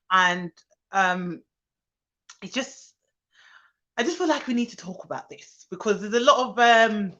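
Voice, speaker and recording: The recording is muffled as a Birmingham childcare expert hosts a relaxed live stream in a sharp, mid-range voice. She's chatty, names viewers as she greets them, and says um often.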